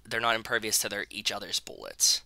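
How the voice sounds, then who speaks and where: A man's voice: fairly low pitch, fairly quick, creaky, pushed and bright, no room sound. A man co-hosting a podcast, chatting loosely and jokingly with lots of filler. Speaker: podcast co-host. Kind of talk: casual chat.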